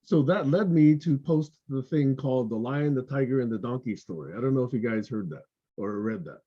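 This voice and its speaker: Man, earnest, opinionated, storytelling, husky, muffled video call audio. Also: mid-range voice, brisk. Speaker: discussion group member. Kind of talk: casual group video call.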